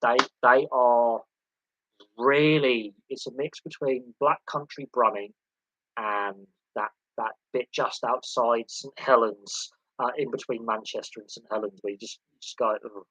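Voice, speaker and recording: Rambling man with a bright, husky voice. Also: mid-range voice, steady tone, a little slow, no echo, highs cut off. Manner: rambling, repeats words, dark jokey humour. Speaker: host of a live sports Q&A stream. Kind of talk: casual live-stream chat answering viewer questions.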